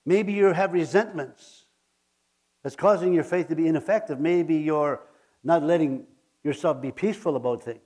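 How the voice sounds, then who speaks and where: Halting, earnest preacher with a higher voice. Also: male voice, dark tone. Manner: earnest, halting, often repeats words. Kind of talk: sermon.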